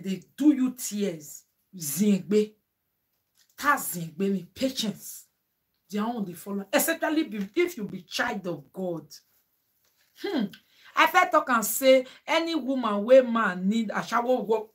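A woman vlogger with a Nigerian Pidgin accent, talking casually and emphatically to her viewers with preachy asides. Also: a little high. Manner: emphatic, exclaiming.

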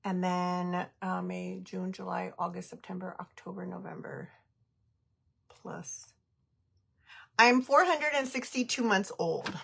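A woman's voice: fairly low pitch, steady tone, slow, gravelly, long pauses, fairly bright tone, a little hiss or hum. A woman in her thirties chatting casually on a makeup livestream, giggling often and reading viewer comments aloud. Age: 30s.

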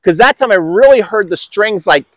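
A man's voice: sits high, lively intonation, moderate pace, a bit bright, no echo. A man coaching tennis on an outdoor court, upbeat and encouraging with enthusiastic praise.

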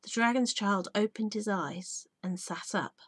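A woman teacher reading a children's book aloud, soft and often hushed, at home. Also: medium pitch, unhurried, husky, no room sound.

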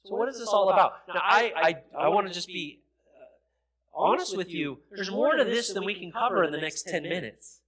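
A man with a high, light voice preaches a sermon in a church, explaining patiently and then pressing hard on his key points until he is almost shouting. The recording is poor, with the murmur of a congregation behind him. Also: animated, normal speed. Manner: explanatory teaching with repeated phrases and fillers. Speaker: pastor. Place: church sanctuary. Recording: noisy sanctuary recording with crowd sound, poor audio.

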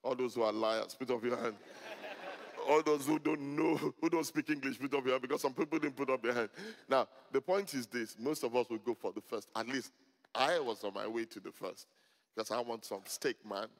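A middle-aged man, a pastor, preaching a sermon to a congregation, telling stories with humor and rising to loud emphatic peaks. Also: medium pitch, a little fast. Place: church hall before a congregation. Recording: long hall reverb.

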